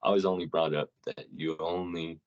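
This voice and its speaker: With a bass voice, fairly even intonation, and a moderate pace, this podcast co-host tells rambling, profanity-heavy stories. His audio sounds dull and lo-fi.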